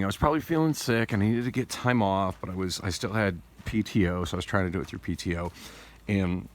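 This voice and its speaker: A man talking through a casual, rambling vlog monologue with many restarts, speaking through tooth pain and recorded on a phone. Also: low voice. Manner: rambling, with frequent restarts and digressions. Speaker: vlogger. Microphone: phone camera.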